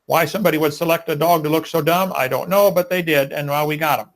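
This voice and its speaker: A man's voice: a little high, fairly even intonation, quick pace, rough recording. A man arguing in a live debate, preachy and emphatic, firing rhetorical questions.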